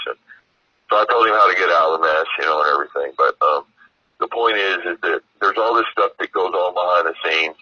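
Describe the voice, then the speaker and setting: A man's voice: sits low, brisk, slightly rough, dry recording, muffled recording. An American man telling a long story as an interview guest, rambling and profane with lots of "you know". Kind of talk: casual storytelling.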